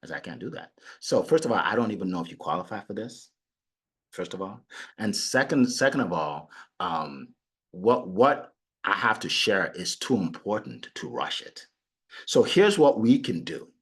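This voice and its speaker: Animated, husky-voiced male sales coach. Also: fairly low pitch, normal speed. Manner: animated, acts out clients and prospects in quoted voices. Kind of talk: motivational sales talk.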